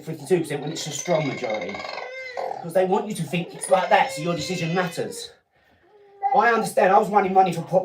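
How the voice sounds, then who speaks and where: Talking down to his viewers, a combative English lecturer in his 40s delivers a ranting live-stream monologue in a medium-pitched voice. He's far from the microphone in an echoey kitchen, and background noise can be heard.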